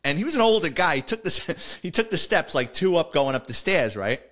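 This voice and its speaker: Lively middle-aged man spinning cop stories. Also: fairly high pitch, brisk. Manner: animated, conversational, full of "he goes" and "I says". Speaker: retired police officer telling stories. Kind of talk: casual storytelling podcast.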